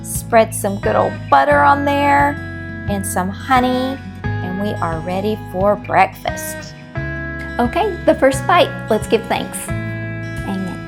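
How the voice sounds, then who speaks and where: A woman's voice: on the high side, animated, takes it slowly, vocal fry, music in the background. A middle-aged woman chatting casually as a crochet vlogger, rambling in a friendly way and talking straight to her viewers.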